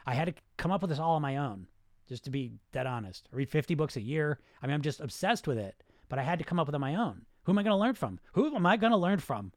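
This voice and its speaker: A man's voice: a little high, big pitch swings, fast, dry recording, studio quality. A middle-aged man coaching on weight loss in a casual, blunt, rambling way, with restarts and swearing. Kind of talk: casual coaching talk answering listener questions.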